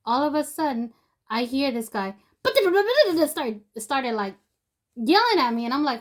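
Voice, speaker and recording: A woman's voice: high voice, very animated, unhurried. Rambling young woman telling a story. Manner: rambling, with many fillers and restarts. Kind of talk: casual spoken storytelling.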